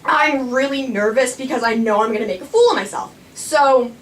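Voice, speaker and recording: A woman's voice: on the high side, normal speed. A young woman telling a nervous, rambling, self-mocking story live on stage. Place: small performing arts studio. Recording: stage voice from a distance with faint room noise.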